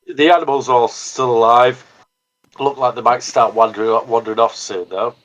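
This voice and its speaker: A man narrating calmly as game master. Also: medium pitch, normal speed, muffled recording.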